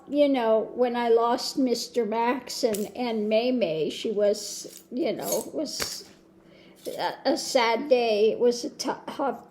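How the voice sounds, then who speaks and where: An older woman rambling about her day in a casual, chatty way, with soft laughs here and there. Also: on the high side. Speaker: tarot reader and vlogger. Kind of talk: casual chat.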